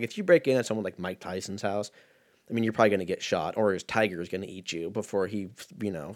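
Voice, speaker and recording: A man in his thirties hosting a casual solo podcast, rambling in a laid-back, profane way with lots of fillers. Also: lowish voice. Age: 30s.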